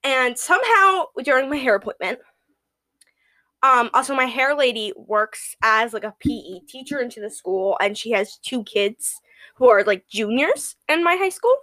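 A teenage girl with a high, bright voice chats on her own podcast. She gushes and giggles at her own jokes, keeping the talk loose and rambling. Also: expressive, normal speed. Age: teens. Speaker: podcast host. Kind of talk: casual solo podcast chat.

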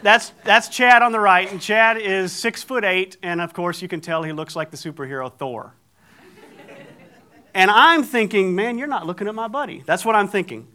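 A man's voice: high voice, lively intonation, normal speed, pushed and bright, clean tone. A middle-aged man preaching, telling a story with animation and acting out the people in it. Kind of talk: storytelling sermon.

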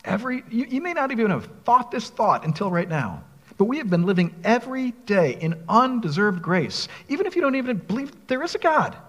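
Male pastor, high and animated delivery, breathy tone, long reverb. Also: brisk. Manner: expressive preaching, reads scripture aloud, asks the congregation questions. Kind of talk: sermon.

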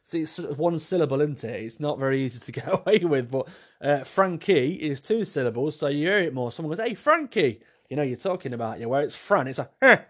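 A man's voice: on the high side, lively intonation, fast talker, husky. A man hosting a podcast, chatting casually through listener questions. He rambles, repeats himself and pokes fun at himself. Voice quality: rambling, repeats himself, wry self-mocking humour. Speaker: podcast host. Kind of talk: casual solo chat answering listener questions.

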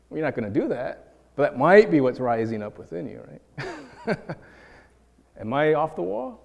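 A preacher from New York giving a lively sermon, acting out quoted voices and repeating words as he builds his points. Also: fairly high pitch, normal speed, vocal fry, long pauses. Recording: long reverb of a large hall.

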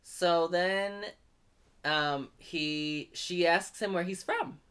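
Young podcast co-host, unhurried, chatty recap, joking asides. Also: medium pitch, a bit bright, clear, resonant tone. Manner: chatty, joking, slow, loose retelling. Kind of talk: casual chat recapping a movie.

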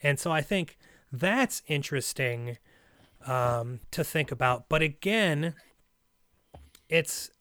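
A man from Russia talks through a film in a loose, analytical way, filling pauses with "um" and "you know" and restarting his sentences. His voice sits at an ordinary pitch, recorded dry and close. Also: a bit bright, no room sound. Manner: rambling, analytical, many fillers and restarts. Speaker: podcast co-host, movie reviewer. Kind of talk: casual movie discussion.

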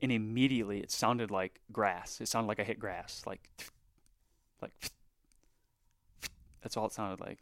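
A man recounting a bowhunt in a casual podcast chat, animated and full of fillers, sometimes dropping into hushed asides. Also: lowish voice, fairly quick, few pauses. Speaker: bowhunter guest.

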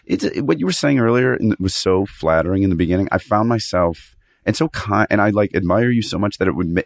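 A man's voice: deep voice, dry recording, studio quality. A man in his forties, a guest actor, chatting casually on a podcast, rambling and cutting himself off mid-thought, swearing freely.

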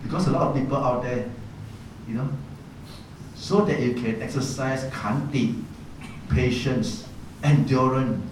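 A middle-aged Buddhist monk teaches meditation through animated anecdotes, often breaking into laughter. His voice sits at an ordinary middle pitch. It comes from a distant mic in a very echoey hall with steady background noise. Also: measured pace, pauses often. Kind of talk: dharma talk with anecdotes.

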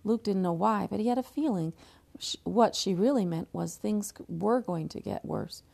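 Lady teacher reading a chapter book out loud, lots of fry, warm low tone, trips over words sometimes. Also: normal speed. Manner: unpolished read-aloud with frequent slips and restarts. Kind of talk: reading a novel aloud.

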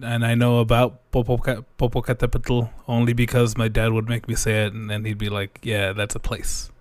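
A man's voice: mid-range voice, monotone, fairly quick, no room sound. Man teasing his friends in podcast banter. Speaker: podcast co-host. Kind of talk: casual chat.

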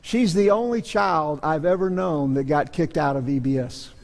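High, gravelly middle-aged pastor preaching. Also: male voice, normal speed. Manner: storytelling, earnest, self-deprecating. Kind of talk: sermon. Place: church sanctuary. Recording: long hall reverb.

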